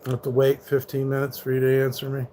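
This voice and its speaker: A man's voice: mid-range voice, monotone, fast, mellow, slight background noise. A man in his thirties hosting a live stream, reading chat aloud and arguing with hecklers, blunt and full of swearing. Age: 30s. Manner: combative, profane, rants back at hecklers. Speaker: livestreamer.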